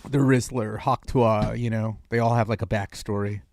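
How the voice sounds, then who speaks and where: A man's voice: on the low side, fairly even intonation, moderate pace, gravelly, darkish tone. A young man hosting a call-in stream, talking in a rambling, joking way with lots of filler words. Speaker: streamer host taking calls. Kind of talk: casual chat.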